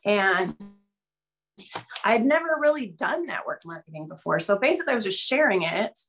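A woman's voice: mid-range voice, big pitch swings, moderate pace, fairly bright tone. A middle-aged woman on a video call, telling her personal story candidly and a little nervously, with fillers and small laughs. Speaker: guest sharing her story. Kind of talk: casual video call testimonial.

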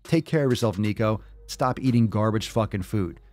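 A man's voice: lowish voice, moderate pace, a little mellow. A man hosting a fitness video, giving a fired-up, mocking reaction commentary full of swearing. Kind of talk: profane ranting reaction commentary.

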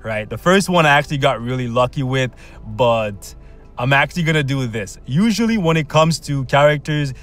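A man hosting gameplay commentary, his voice sitting at an ordinary middle pitch. He chats casually and coaxes the game along with slang and pet names, ready to break into loud cheers. Soft music plays faintly underneath. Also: moderate pace. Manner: bursts into loud shouts and cheers when excited. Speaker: gaming channel host.

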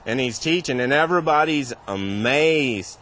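A man's voice: medium pitch, lively intonation, normal speed, fairly bright tone. A male pastor giving a sermon in a church, retelling scripture in a casual, conversational way.

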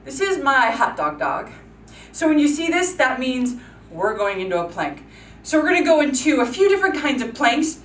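At a moderate pace, a woman with a high, sing-song voice teaches children yoga, counting the moves and giving happy, supportive directions. A little hiss or hum is audible, and the recording comes from a distance in an echoey space.

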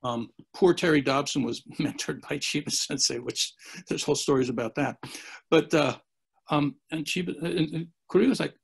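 At a moderate pace, a gravelly podcast guest rambles through one anecdote after another, mimicking the people he quotes. His husky voice sits slightly high for a man.

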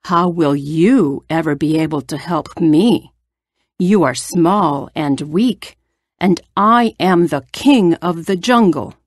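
A proud male lion who rules the jungle, speaking slowly and deep for a storybook, as a woman reader puts him on. The voice is dry and close, with little room around it. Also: no echo.

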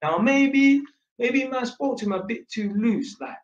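A man's voice: extremely high pitch, lively intonation, normal speed. A young man, an electrician, casually telling a work story from his home, full of slang and tag questions. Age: young adult. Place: home, sitting at a small table. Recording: echoey room.

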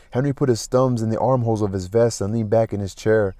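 A man reading a classic novel aloud as an audiobook, in a steady, unhurried way. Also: on the low side, dry recording. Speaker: audiobook narrator.

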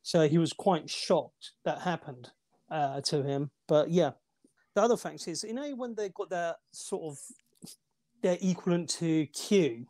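A man's voice: fairly high pitch, unhurried, a little mellow. Man rambling through movie trivia. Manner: rambling trivia-sharing with fillers and restarts. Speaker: movie podcast co-host. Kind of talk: casual movie review chat.

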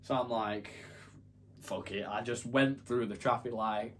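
A man's voice: medium pitch, fairly even intonation, moderate pace, a little hiss or hum. A young man telling a story to camera in a casual, rambling, self-deprecating way. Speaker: YouTuber.

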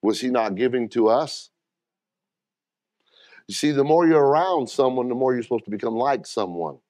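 A man's voice: medium pitch, expressive, moderate pace, a little mellow, no room sound, clean studio sound. A middle-aged man preaching a sermon as pastor, talking plainly and directly to the congregation and calling for responses.

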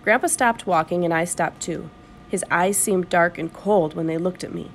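A woman reading a children's novel aloud in an expressive storytelling voice. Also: fairly low pitch, moderate pace, slight background noise. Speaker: audiobook reader.

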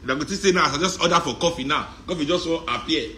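A middle-aged Nigerian man with a Nigerian accent, talking in a joking, animated monologue that mixes in Pidgin and Yoruba. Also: fairly high pitch, quick pace, a little hiss or hum. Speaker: musician talking on a live stream. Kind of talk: casual monologue.

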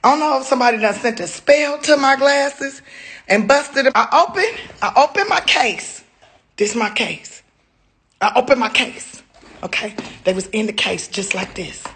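Animated, bright-voiced woman ranting. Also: moderate pace. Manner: animated, swearing, swings into high-pitched wails and shouts. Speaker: comedian venting on social media. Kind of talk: ranting selfie video.

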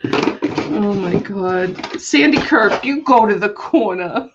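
A woman's voice: medium pitch, lively intonation, slow pace, dull audio, very noisy. A woman hosting a live auction stream, laughing through her words. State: laughing to tears. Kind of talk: live selling stream chat.

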